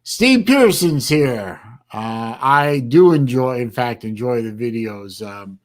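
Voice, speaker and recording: The host, an older Florida man, has a mid-range voice that is animated yet slow. On this casual livestream he rambles with lots of fillers, yawning and sounding tired.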